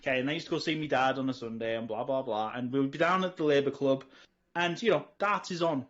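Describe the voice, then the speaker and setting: A middle-aged man, co-hosting a casual podcast chat and rambling through animated stories with lots of restarts. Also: medium pitch, fast. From England. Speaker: podcast co-host. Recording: dull lo-fi audio.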